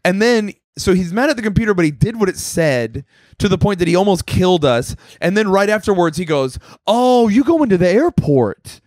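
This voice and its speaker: A man's voice: sits high, animated, a little fast, dry recording. A man co-hosting a podcast, telling rambling, profane stories in casual chat and acting out what people said. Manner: rambling storyteller, swears freely, acts out quotes. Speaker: podcast co-host.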